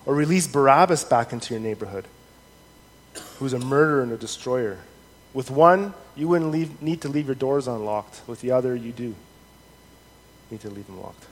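A man preaching a sermon in an earnest, measured way, reading scripture aloud with rising emphasis. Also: medium pitch. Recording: long hall reverb, faint noise.

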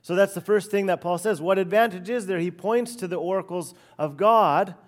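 A middle-aged man preaching an expository sermon, earnest and emphatic, often letting phrases fall soft and low at the end. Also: moderate pace. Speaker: pastor.

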